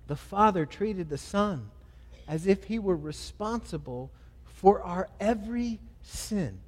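A man's voice: high-pitched, expressive, slow pace, big-room sound. A male pastor preaching a sermon, asking questions and answering them himself in an emphatic delivery.

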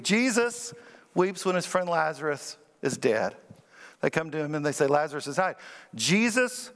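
A man's voice: a bit bright, big-room sound. A man preaching a sermon, calling on the congregation to repeat words after him and speaking with rising emphasis. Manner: preaching with call-and-response, rising emphatic pitch. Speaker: pastor.

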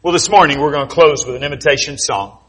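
High, bright-voiced preacher man, husky edge. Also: quick pace. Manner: animated, jokey storytelling with sound effects. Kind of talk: sermon with storytelling.

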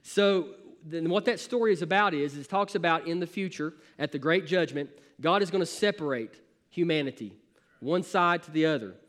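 A man's voice: a little high, normal speed, a bit bright. A man, a pastor, preaching a sermon with an emphatic, repetitive cadence.

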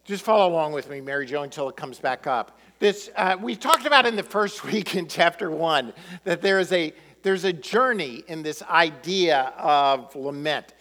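A man preaching a sermon, in a relaxed conversational way with plenty of fillers. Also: a little high, normal speed, hardly any pauses, in a large hall. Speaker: pastor.

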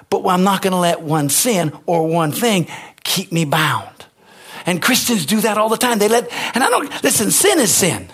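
Male pastor, slightly high voice, lively sermon delivery with loud outbursts. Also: breathy edge. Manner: animated preaching, shouting on high points, then quieter storytelling.

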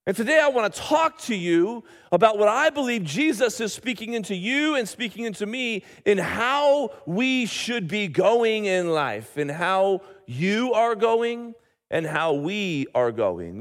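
High-voiced man preaching a sermon. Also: measured pace. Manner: storytelling, animated, with frequent restarts. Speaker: pastor. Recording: reverberant church hall.

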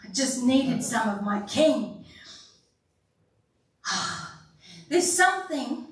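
Slow-preaching woman pastor, animated, heard from afar in a very echoey hall. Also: fairly high pitch, far from the mic. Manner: animated, acts out quotes with sighs and laughs. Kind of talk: sermon. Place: church sanctuary.

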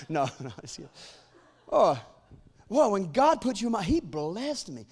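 A man in his forties delivers a church sermon in a notably high voice. He banters with the congregation and then climbs into loud, fervent declarations of faith. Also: sing-song, slow pace, husky. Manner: humorous asides to the congregation. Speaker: pastor.

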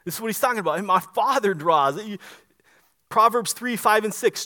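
A man with a high voice preaches a sermon. He talks to the congregation conversationally but hits his points with emphasis and keeps asking rhetorical questions. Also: lively intonation, normal speed, sharp tone. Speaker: pastor.

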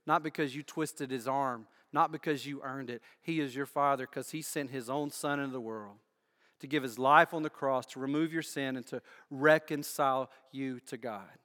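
A man preaching a sermon as pastor, building phrases in repetition and dropping from loud declarations to hushed lines. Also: medium pitch, fairly even intonation, moderate pace. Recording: echoey hall with long reverb.

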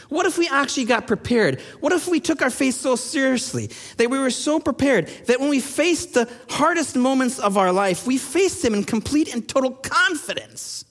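A man's voice: very high voice, fairly bright tone, in a large hall. A man in his thirties, a pastor preaching a sermon, telling stories and then pressing his listeners with urgent questions. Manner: storytelling, rising to urgent challenges. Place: church sanctuary.

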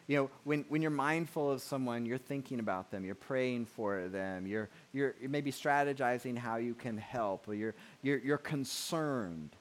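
A man preaching a sermon, talking conversationally and reading scripture slowly and softly. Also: medium pitch. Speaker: pastor.

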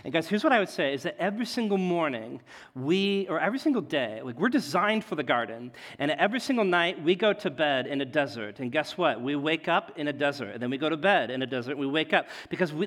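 A man preaching a sermon as a pastor, in a conversational way, often checking in with "right?" and swinging between loud emphasis and quiet asides. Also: on the high side. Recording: long hall reverb.

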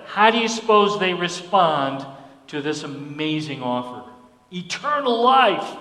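Emphatic bright-voiced pastor in echoey hall. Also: male voice, on the high side, lively intonation, slow pace. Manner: folksy, emphatic preaching with repetitions. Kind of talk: sermon. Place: church sanctuary.

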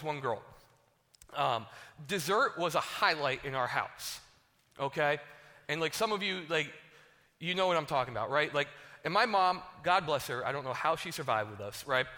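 A male pastor delivers a casual sermon in a loose, conversational way, peppered with "like" and "right?". His voice is bright and sits a little high for a man. A long hall reverb follows every line. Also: animated, a little fast. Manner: conversational, heavy use of "like" and "right?".

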